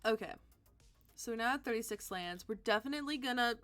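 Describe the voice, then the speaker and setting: A woman's voice: on the high side, brisk, a bit bright, faint music behind. A woman hosting a live stream, chatting casually and answering viewers' comments as she thinks aloud. She is tired and sleepy. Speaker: livestream host.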